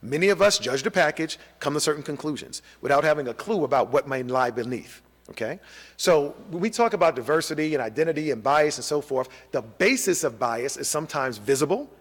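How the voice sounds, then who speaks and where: A man's voice: a little high, a little fast. A middle-aged man from New York City, a college professor leading an interactive training lecture and checking in with the audience often. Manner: energetic, audience-engaging, frequent "okay?" and "right?" check-ins. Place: large hall with a live audience. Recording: long hall reverb.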